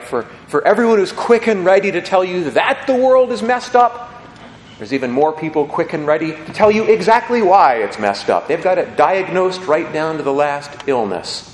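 A man's voice: a little high, slight background noise. A man preaching a homily as a priest, conversational and folksy, often checking in with his listeners. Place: church. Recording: echoey church with long reverb.

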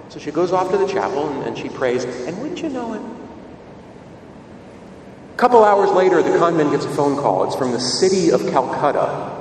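A man's voice: on the high side, normal speed, very echoey, in a large hall, recorded from a distance, a little hiss or hum. A male priest giving a sermon, telling stories and asking rhetorical questions. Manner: expressive storytelling, rhetorical questions.

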